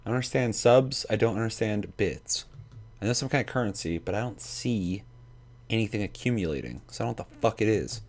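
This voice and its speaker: A man's voice: lowish voice, animated, a little fast. A man streaming casually, swearing a lot and rambling at his chat as he sets up a video. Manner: profane, rambling, talks to chat. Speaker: gaming streamer.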